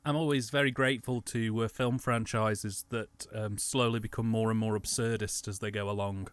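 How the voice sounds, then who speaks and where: A man's voice: on the low side, little pitch movement, moderate pace, smooth, no room sound. A man co-hosting a casual film commentary, laughing often and talking with animation. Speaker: commentary co-host.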